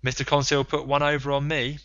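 A man reading aloud, voicing a brash, sarcastic harpooner who gets loud and excitable. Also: mid-range voice, a little fast, no room sound, muffled recording, pitched above the performer's own voice, natural voice. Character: brash skeptical grown male harpooner.

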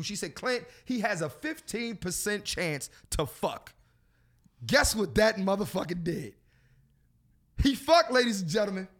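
A man's voice: high-pitched, sharp tone. A man hosting a casual podcast, talking in a profane, preachy and joking way. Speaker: podcast host.

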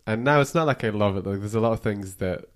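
A man chats as a guest on a casual podcast, swearing freely and scattering "like" throughout his rambling talk. His voice is lowish and his pace quick.

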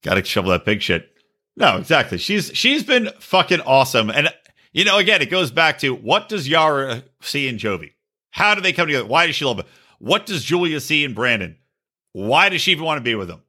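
A man co-hosting a podcast in casual chat, profane and animated, often mocking people in quick put-on voices. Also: a little high, husky. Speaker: podcast co-host.

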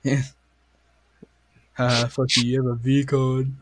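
A man's voice: medium pitch, level tone, takes it slowly, no echo, clean studio sound. A young man co-hosting a casual podcast, swearing a lot and retelling stories with animation. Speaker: podcast co-host. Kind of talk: casual chat.

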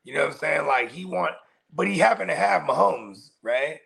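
A man's voice: on the high side, lively intonation, moderate pace, vocal fry, fairly bright tone. A man co-hosting a casual fantasy football show, talking in laid-back slangy banter. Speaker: co-host. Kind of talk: casual podcast chat.

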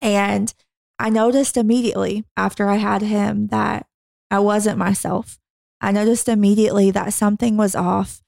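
A woman in her thirties co-hosting a podcast, telling her own story in a reflective, unhurried way with frequent pauses. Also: mid-range voice, flat delivery, vocal fry, darkish tone, dry recording, studio quality. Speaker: podcast co-host. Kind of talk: candid personal testimony.

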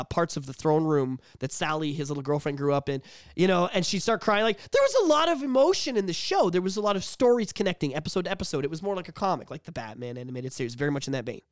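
A man co-hosting a casual podcast, telling stories in an excited, rambling way and swearing freely. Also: high voice, quick pace, no echo, clean studio sound. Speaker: podcast co-host. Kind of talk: casual chat.

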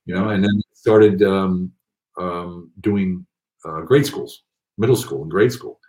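A man telling rambling, animated anecdotes with many fillers in a casual interview. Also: low voice, slow, echoey room. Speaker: guest.

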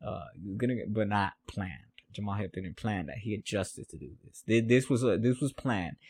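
A man's voice: on the low side, normal speed, a little mellow, slightly rough, no room sound. A man hosting a podcast, recapping a fight in casual chat, rambling, repeating himself and laughing at his notes. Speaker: podcast host.

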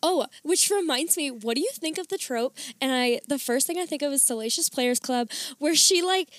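A woman's voice: high-pitched, lively intonation, moderate pace, no room sound. A young woman chatting casually about books, giggly and enthusiastic. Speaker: book talk co-host. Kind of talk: casual chat.

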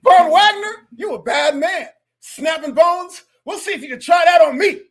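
A man putting on a high, loud voice to play a hyped-up male wrestler shouting a challenge. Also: moderate pace. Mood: fired up.

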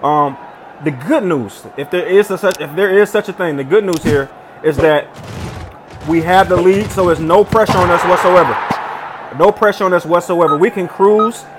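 Excitable young man calling his game. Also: high voice, normal speed, noisy background. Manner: excitable, shouts and laughs at big plays, then settles into quiet reflective talk. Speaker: gaming channel host. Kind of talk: gameplay commentary.

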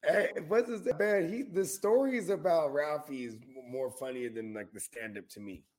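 A man's voice: fairly high pitch, moderate pace, darkish tone. A man co-hosting a casual podcast chat, rambling in slang and often asking "you know what I mean". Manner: rambling, slangy, keeps saying 'you know what I mean'. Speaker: podcast co-host.

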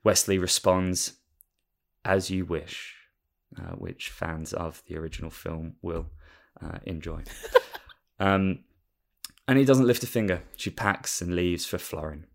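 Speaking a little slowly in a low voice with vocal fry, a host loosely retells a story. He wanders along with frequent fillers and restarts, amused and chuckling at his own expense.

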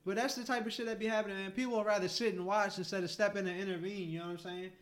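An animated man tells a long story on a casual podcast, his voice sitting a bit high. He swears freely and laughs through the telling. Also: racing. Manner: animated, profane storyteller, voice jumps high when excited. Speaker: podcast co-host.

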